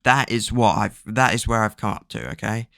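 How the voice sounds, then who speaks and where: Man, casual plot recap, rambling, lots of fillers, gravelly voice, dry sound. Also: fairly low pitch, expressive, normal speed, fairly bright tone, no room sound. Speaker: book recap vlogger.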